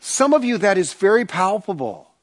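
High-voiced man preaching with animated bursts. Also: normal speed. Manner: animated personal storytelling; rhetorical questions to the congregation. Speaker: pastor. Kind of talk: sermon.

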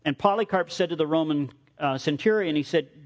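Guy preaching, lively storyteller, repeats himself, voice sits kinda high. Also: brisk. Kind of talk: sermon.

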